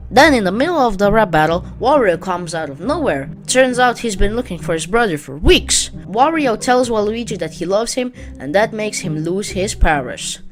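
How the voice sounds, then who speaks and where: A woman narrating a plot summary in a steady, matter-of-fact way. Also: medium pitch, moderate pace, few pauses, faint music behind. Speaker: narrator summarizing a web series. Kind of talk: read-aloud plot summary.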